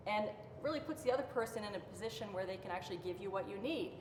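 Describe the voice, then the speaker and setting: A woman's voice: medium pitch, fast talker. Thoughtful woman speaking in an echoey hall. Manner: gentle, thoughtful, with many fillers. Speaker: pastor. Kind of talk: marriage devotional teaching. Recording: roomy reverberant hall, faint noise.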